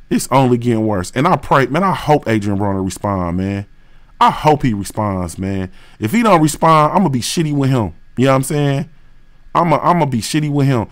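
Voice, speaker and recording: A boxing show host from Ohio, speaking. He rants on a livestream, heated and profane, loops back on his own phrases, and piles on street slang. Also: mid-range voice. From West Dayton, Ohio, USA. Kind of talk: livestream rant.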